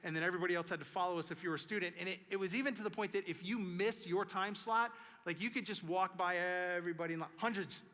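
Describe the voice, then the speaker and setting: A male pastor preaching with animated storytelling and emphatic repetition. His voice sits fairly high and sounds bright and forceful. It rings through a church sanctuary with a long reverb tail. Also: fast. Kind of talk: sermon.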